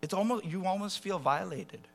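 A man preaching a sermon, animated and conversational, dropping to soft asides and rising to loud acted quotes. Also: sits high, moderate pace, gravelly.

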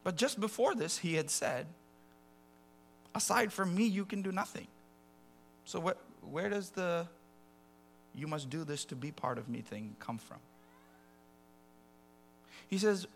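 A man preaching a sermon, animated and conversational, dropping to soft asides and rising to loud acted quotes. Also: fairly high pitch.

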